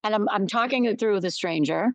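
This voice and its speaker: A woman's voice: mid-range voice, quick pace, no echo. Candid woman hosting a podcast, dry sound. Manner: candid, storytelling, restarts and emphatic repetition. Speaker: podcast host. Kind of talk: reflective solo podcast talk.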